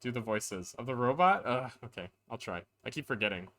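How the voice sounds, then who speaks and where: A man streaming a game live, chatting casually and reading lines in a flat monotone. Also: mid-range voice, brisk. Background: game music.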